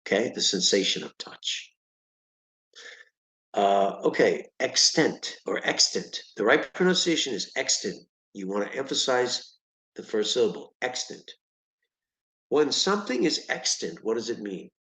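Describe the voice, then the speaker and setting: A man's voice: fairly low pitch, big pitch swings, normal speed, a bit bright, roomy sound, poor audio. A man tutoring a student in vocabulary, patiently explaining each word with examples and often checking in with "okay?". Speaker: reading tutor. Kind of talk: one-on-one vocabulary lesson.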